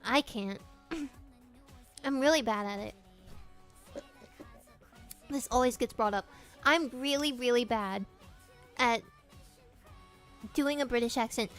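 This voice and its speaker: A young woman's high, girlish voice chats freely with her stream audience. She giggles through her answers, swears often and reads viewer questions back aloud. Soft music plays faintly underneath. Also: slow, long pauses. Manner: giggly and profane, reading chat questions aloud. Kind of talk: casual live-stream chat.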